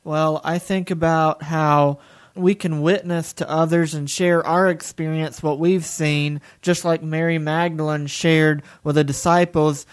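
A young man talks in a calm, steady, plain-spoken way. His voice is smooth and clear, sits a little high, and stays flat in pitch. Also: a little slow. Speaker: guest, son of the preacher. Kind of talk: conversational reflection.

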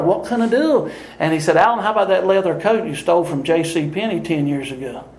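A man's voice: high voice, reverberant, poor audio. An older man preaching a sermon, telling stories with frequent laughter and acting out the people in them. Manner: animated, laughing often, acting out dialogue. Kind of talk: sermon with storytelling.

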